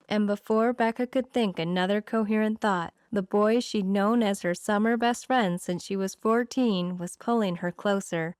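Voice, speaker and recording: A woman narrating a romance audiobook, slowing down for the romantic moments. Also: mid-range voice, a little mellow, no echo, studio quality.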